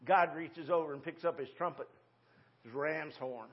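A man's voice: fairly high pitch, moderate pace, dull audio. A man in his sixties preaching a sermon in a church, in a folksy, conversational way full of rhetorical questions. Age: 60s. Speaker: pastor. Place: church sanctuary.

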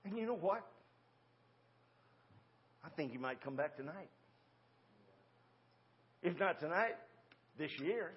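A man's voice: on the high side, expressive, slow, long pauses, muffled recording, slight background noise. A man in his sixties preaching a sermon in a church, in a folksy, conversational way full of rhetorical questions. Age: 60s. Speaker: pastor. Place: church sanctuary.

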